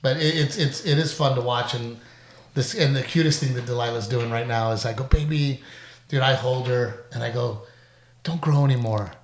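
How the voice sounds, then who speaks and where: A middle-aged man talks loosely and animatedly, breaking into laughs and the odd curse as he hosts a casual podcast. His voice sits at an ordinary pitch, and the room gives it a noticeable echo. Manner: animated, swearing, quick bursts of laughter. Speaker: podcast host. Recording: roomy echo.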